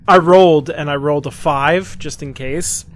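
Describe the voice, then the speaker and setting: A man with a slightly high voice speaks slowly and easily as a tabletop game player. Faint hiss sits behind him. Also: steady tone. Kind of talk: casual tabletop game chat.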